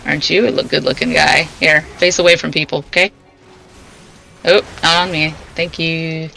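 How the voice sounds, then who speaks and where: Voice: medium pitch, fairly even intonation, moderate pace, creaky, bright, forceful tone, soft background music, rough recording. A streamer in casual let's-play commentary, playful and chatty, reading game lines aloud between remarks.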